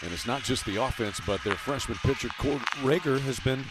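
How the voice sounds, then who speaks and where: A man calls a college baseball game play by play, his delivery brisk and even between pitches. His voice climbs on strikeouts and extra-base hits. Ballpark noise comes through clearly behind him on the broadcast. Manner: brisk, rises to shouts on big plays. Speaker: play-by-play announcer.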